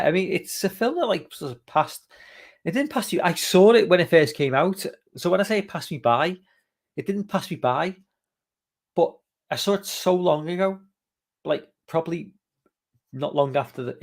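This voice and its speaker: A male podcast host rambles loosely on a live stream, reading viewer comments out loud and swearing freely. His voice is mid-range with vocal fry, and his speech is packed with fillers.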